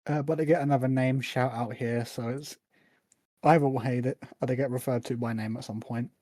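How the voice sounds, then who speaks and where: A man chatting casually on a podcast, chiming in with easygoing remarks. His voice is mellow and warm, recorded dry with no room sound. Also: mid-range voice, fairly even intonation, normal speed, no room sound. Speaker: podcast co-host. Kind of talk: casual chat.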